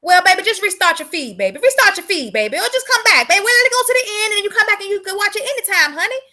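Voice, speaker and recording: Woman, high bright voice, blunt profane livestream rant, fired-up and repetitive. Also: sing-song, rapid-fire. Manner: repeats words for emphasis. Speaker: vlogger selling herbal products.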